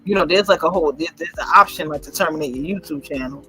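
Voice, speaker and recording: A man's voice: on the high side, fast talker, bright, forceful tone, slightly rough, soft background music, low-quality recording. A man hosting a casual livestream chat, gossipy and laughing often as he acts out what others said. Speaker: host.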